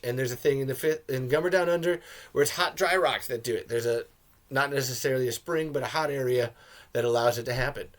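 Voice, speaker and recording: A host giving casual, sarcastic commentary over a film, ranting, swearing often and trailing off. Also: medium pitch.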